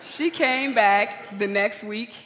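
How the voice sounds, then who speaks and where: A woman pastor telling a humorous story in her sermon, lively and animated. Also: takes it slowly. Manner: lively, humorous storytelling with big pitch swings. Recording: long reverb of a large hall.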